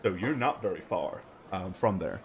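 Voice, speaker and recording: A man narrating as game master, relaxed and hesitant, with lots of ums. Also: deep voice, normal speed, slight background noise.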